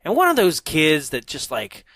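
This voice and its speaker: A man's voice: fairly high pitch, moderate pace, vocal fry, no echo. A man co-hosting a podcast, telling anecdotes in casual chat, laughing and acting out the people he quotes. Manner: animated storyteller, acts out quotes, laughs a lot. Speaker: podcast co-host.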